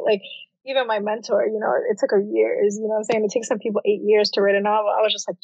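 A woman's voice: mid-range voice, level tone, fast, darkish tone, slightly rough, no room sound. A young adult woman, an author, telling her story casually in an interview, with lots of "like" fillers. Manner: chatty, heavy use of "like". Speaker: author guest. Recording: dull, dry audio.

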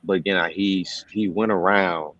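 Really low voiced guy, halting n candid, kinda muffled audio. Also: steady tone, no echo. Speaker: host. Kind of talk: casual discussion.

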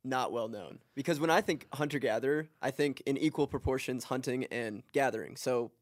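A man co-hosting a podcast who talks thoughtfully and haltingly, with the odd blunt curse. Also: medium pitch, dry recording, clean studio sound. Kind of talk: casual podcast conversation.

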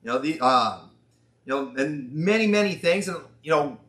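A man's voice: fairly high pitch, animated, moderate pace, a bit bright. A male pastor with a Southern accent preaching at a church conference, folksy and sarcastic, drawing out the words when he quotes. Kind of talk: conference sermon. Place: church hall. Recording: echoey church hall.

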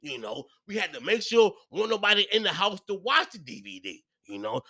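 A man in his thirties, a podcast host, delivering a profane comedic solo rant that swings between loud, heated outbursts and muttered asides. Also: sits high, wildly swooping pitch, a little fast, hardly any pauses, dry recording, studio quality.

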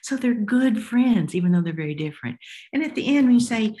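An older woman, an author talking as a guest in an interview, explaining warmly and acting out voices as she goes. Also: on the high side, fairly quick, a little hiss or hum. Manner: expressive, acts out voices while explaining. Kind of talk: interview conversation.

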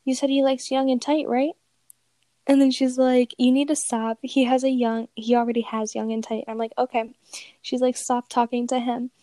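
A woman's voice: high voice, flat delivery, moderate pace, warm tone, no echo. A young woman casually telling a profane, amused story and reading out chat messages aloud. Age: young adult.

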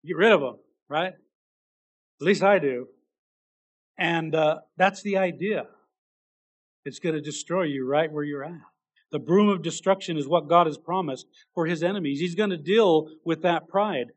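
A man with a high-pitched voice preaches a sermon. He talks earnestly, stumbling and restarting his phrases, then lifts into emphatic bursts. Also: a little slow, husky.

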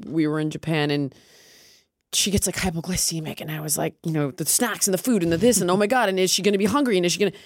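A middle-aged woman hosts a podcast in a candid, casual chat, her lowish voice moving at a quick pace over slight background noise. Animated throughout, she swears freely and voices both herself and other people in lively impressions when recounting what was said.

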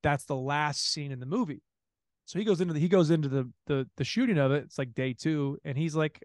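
Animated, swearing man on a podcast. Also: on the high side, a little fast, dry recording, studio quality. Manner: animated, swearing, mimics people he talks about. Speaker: podcast co-host. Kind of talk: casual movie chat.

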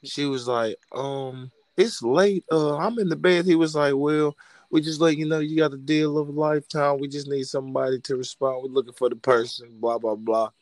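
A man's voice: mid-range voice, fairly quick, no room sound. A young man telling a prank-call story to friends in casual chat, acting out the voices of the people in it. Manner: relaxed storyteller, acts out quoted voices.

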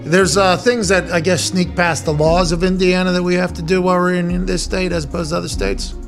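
A man hosting a sports talk show in casual chat, loud and hyped, laughing a lot. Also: high-pitched, level tone, a little fast, music in the background. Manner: loud, hype, lots of laughing. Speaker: podcast host.

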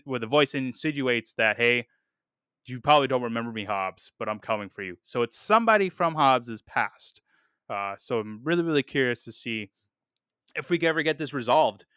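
This podcast film review comes from a man with a medium-pitched, sharp, clean voice, recorded dry in studio quality. He's enthusiastic and casual, stuffing his talk with fillers and repeated words such as "really, really." Reading quotes aloud makes him laugh.

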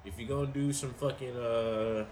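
A man's voice: mid-range voice, steady tone, moderate pace, music in the background, rough recording. A young man co-hosting a stream, chatting casually in a slangy, profane way. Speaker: stream co-host. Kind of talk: casual chat.

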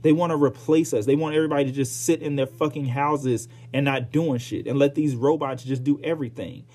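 Male podcast host, solo rant, animated and profane, darker husky voice. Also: mid-range voice, a little fast. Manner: profane, heated, animated ranting with sighs.

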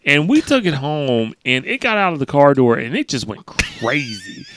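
A man's voice: on the high side, huge pitch swings, moderate pace, fairly bright tone, slight background noise. A man casually telling a childhood story among friends, joking and loose. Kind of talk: casual podcast chat.

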